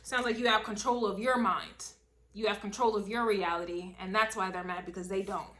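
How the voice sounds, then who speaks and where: A woman giving a casual spoken tarot reading, emphatic and slangy, repeating a refrain and swinging between loud bursts and low asides. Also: steady tone, a little fast. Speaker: tarot reader.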